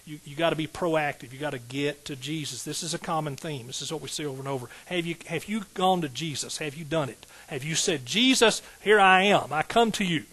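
A middle-aged man preaching a sermon from the pulpit. His voice sits a little high for a man, and he drives his points hard, calling out to the congregation and swelling into sudden bursts. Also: quick pace, hardly any pauses, fairly bright tone, husky, poor audio. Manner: emphatic, call-and-response preaching with rising outbursts. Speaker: pastor.

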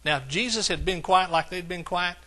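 A man preaching a sermon as pastor, with emphatic lines that swing from soft to hollering. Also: high-pitched, a little fast.

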